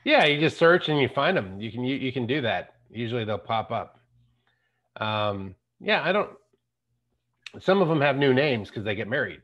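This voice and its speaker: A man's voice: mid-range voice, fairly bright tone. Chill 50s guy hosting a podcast, slangy, trips over his words, dull lo-fi sound. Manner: laid-back, slangy, restarts a lot. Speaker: podcast host. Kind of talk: casual chat.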